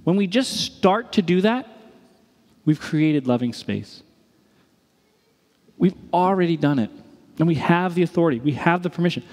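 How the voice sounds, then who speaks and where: Guy pastor in his 30s preaching, animated storyteller doing little voices, kinda high voice, big hall echo. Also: husky. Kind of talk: sermon. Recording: reverberant hall.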